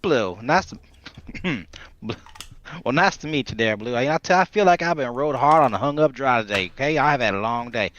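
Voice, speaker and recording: A man's voice: medium pitch, lively intonation, moderate pace, a bit bright, lightly acted. Folksy drawling rabbit-man, stammers, chatty, played by a man, dull sound. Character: folksy rabbit-eared man, talkative charmer.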